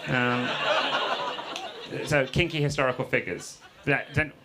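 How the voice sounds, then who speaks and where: Playful comedian working the crowd. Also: male voice, mid-range voice, steady tone, a little slow, heavy background noise. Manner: playful, teasing, laughing between quips. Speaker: comedian and freestyle rapper. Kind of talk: stand-up crowd work. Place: comedy club stage before a live audience. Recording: live band music loud behind the voice.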